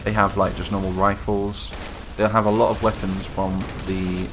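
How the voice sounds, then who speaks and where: A man hosting casual, chatty game commentary, getting excited and calling out to the troops as he plays. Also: deep voice, normal speed, noisy background. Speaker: gaming channel host. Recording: game gunfire and explosions behind voice.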